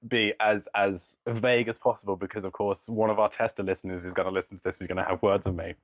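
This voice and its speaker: A man co-hosting a podcast, telling stories in a casual, animated way, laughing often and swearing freely. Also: on the low side, fast talker, no room sound. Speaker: podcast co-host. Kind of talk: casual chat. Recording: dull lo-fi dry podcast audio.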